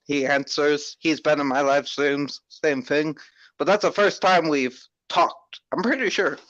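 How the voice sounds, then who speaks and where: A man's voice: a little high, measured pace, fairly bright tone, highs cut off, slight background noise. A man hosting his own stream in casual chat. He is laid-back and joking and tends to drawl. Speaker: streamer host.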